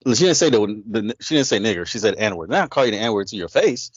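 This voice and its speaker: A man's voice: lowish voice, animated, quick pace, crowd noise. A man chatting casually as a podcast co-host, retelling stories with emphatic repetition. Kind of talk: casual chat. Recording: dry, dull lo-fi audio.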